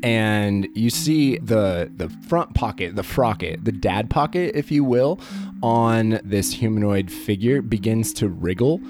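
Animated game master guy narrating, loose and giggly, swoopy voice. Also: on the low side, measured pace, over music.

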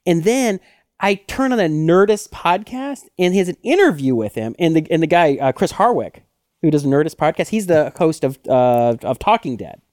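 A man co-hosting a podcast in casual chat, telling stories with lively acted-out quotes. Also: a little high, normal speed, dry recording, studio quality. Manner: animated storyteller who acts out quotes. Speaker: podcast co-host.

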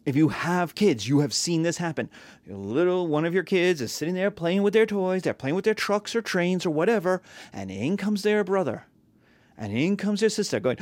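Guy teaching his class, pitch jumping all over, slightly high voice, dry sound. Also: normal speed, no echo. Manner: animated, rhetorical questions, acts out quotes. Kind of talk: classroom lecture.

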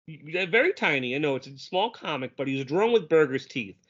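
Animated man chatting on a podcast. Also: a little high, fairly quick, breathy edge. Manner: animated, laughs often, quotes characters in funny voices. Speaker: podcast co-host. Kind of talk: casual chat. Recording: dull lo-fi audio.

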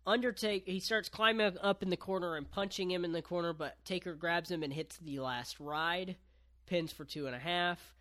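A man's voice: high-pitched, normal speed, pushed and bright. A man casually recapping a wrestling match on a podcast, laid-back, with lots of ums and casual swearing.

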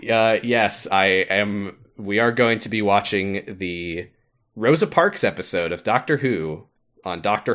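A man co-hosts a relaxed podcast, chatting casually and laughing between his remarks. His pitch swings widely as he talks, and he trails off into fillers and restarts. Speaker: podcast co-host.

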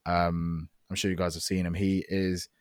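A man's voice: low voice, level tone, normal speed, no echo, clean studio sound. A man chatting casually as a podcast co-host, rambling with lots of fillers and restarts. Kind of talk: casual chat.

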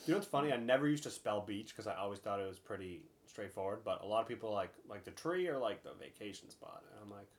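Young guy, quick talker, animated and jokey, casual profanity. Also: on the low side. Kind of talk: casual chat.

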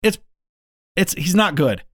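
A man's voice: high-pitched, sing-song, unhurried, a bit bright, no room sound, clean studio sound. A man co-hosting a casual movie podcast, playful and jokey with blunt opinions. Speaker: podcast co-host.

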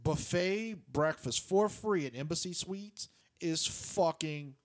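A man's voice: a little high, slow pace. A man co-hosting a podcast, telling rambling profane anecdotes in casual chat. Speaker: podcast co-host. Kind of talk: casual storytelling.

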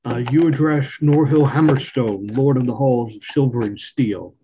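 A man's voice: mid-range voice, normal speed, muffled recording, a little hiss or hum, lightly acted. A man voicing a proud male dwarf lord in a tabletop game, formal and stately.

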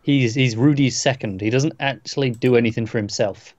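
A man co-hosts a casual recap chat, dropping dry, nitpicking corrections. His voice sits at a middle pitch. The sound is slightly muffled and dry, with no room echo. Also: a little fast, a little mellow. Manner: dry, pedantic asides. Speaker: podcast co-host.

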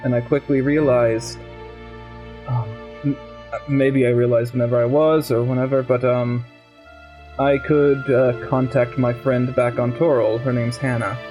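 A man's voice: medium pitch, level tone, darkish tone, soft background music. Hesitant man talking in character. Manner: hesitant, halting, many ums and restarts. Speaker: player. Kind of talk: in-character role-play.

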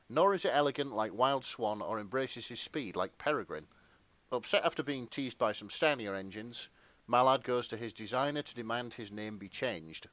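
A man's voice: mid-range voice, no echo. A man co-hosting a podcast, chatting through trivia and then narrating a fan story aloud. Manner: chatty, tangent-prone, lively storyteller. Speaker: podcast co-host reading the story. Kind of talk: casual chat and reading fanfic narration.

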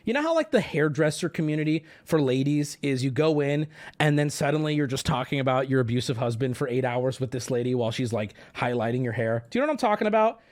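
A man streamer telling a story to his chat in a casual, animated way, swearing freely and using lots of fillers. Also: mid-range voice, fast talker.

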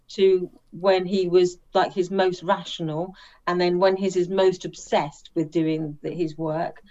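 A woman's voice: lowish voice, a little mellow. A woman co-hosting a casual film review podcast, thoughtful and weighing her words. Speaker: podcast co-host. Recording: dull lo-fi audio.

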